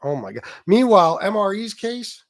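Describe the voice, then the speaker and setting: A high-pitched man with big pitch swings rants at a moderate pace during his livestream, swearing angrily at critics. He's aggressive, reading chat and talking back to it. The sound is clean studio audio with no echo.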